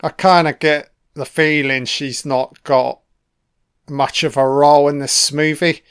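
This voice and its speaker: A man's voice: fairly high pitch, steady tone, a little slow, fairly bright tone, smooth. A man giving a casual, profanity-filled commentary on a film, reacting to scenes as they play. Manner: heavy swearing, chatty reactions.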